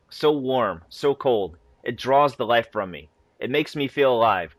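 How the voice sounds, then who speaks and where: A man who hosts a gaming channel, reading in-game story files aloud in a steady, measured way, with a few casual asides. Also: medium pitch, dry recording, soft background music.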